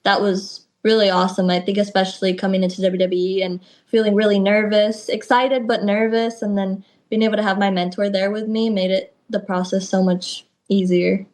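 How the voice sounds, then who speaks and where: Young female wrestler guest, video call interview, animated storyteller. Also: medium pitch, a little fast, hardly any pauses. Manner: lively storytelling, acts out quotes. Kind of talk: casual interview.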